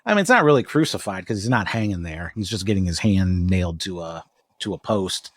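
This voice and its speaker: A man with a lowish voice recaps a TV episode as co-host of a podcast. He rambles loosely, cracks crude jokes and swears. The sound is dry and close to the mic. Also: animated, a little fast, no echo. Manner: rambling, jokey, swears and laughs often. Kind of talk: casual TV recap chat.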